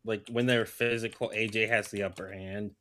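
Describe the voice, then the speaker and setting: A man's voice: lowish voice, level tone, moderate pace, a bit bright. A man co-hosting a wrestling podcast, talking casually with frequent restarts and fillers. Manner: hesitant, restarts, many "like"s. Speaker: podcast co-host. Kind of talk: casual chat.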